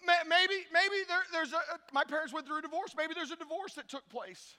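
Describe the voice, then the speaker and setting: A pastor preaching a sermon, telling stories with animated voices and acting out the characters. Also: male voice, extremely high pitch, fairly quick, few pauses, long reverb tail.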